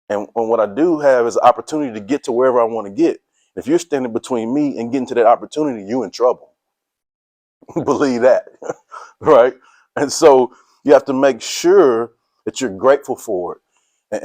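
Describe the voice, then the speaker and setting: A middle-aged man giving a motivational talk to a sports team, energetic and casual, quizzing his listeners and laughing often. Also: medium pitch, dry recording. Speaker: motivational speaker.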